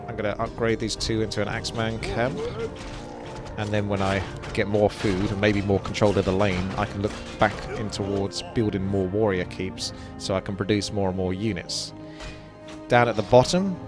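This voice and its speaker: A young man with a chatty manner, explaining strategy as he plays and commentates on a strategy game. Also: fairly low pitch. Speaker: gameplay commentator. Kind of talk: casual gameplay commentary. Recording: game music underneath.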